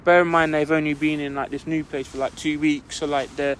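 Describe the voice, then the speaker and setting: Young man, fairly high voice, rambling, casual podcast storytelling. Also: flat delivery, brisk, fairly bright tone, a little hiss or hum. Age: young adult. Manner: rambling, fills with "like" constantly. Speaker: podcast co-host.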